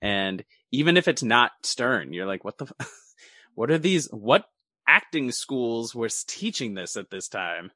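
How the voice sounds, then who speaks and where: A man talks with a bright, forceful voice that swings all over his range. He co-hosts a casual podcast, swears freely and mocks the film's characters. The sound is dry and close. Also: mid-range voice, unhurried, no room sound. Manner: animated, swears freely, quotes characters mockingly. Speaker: podcast co-host. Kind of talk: casual chat recapping a film.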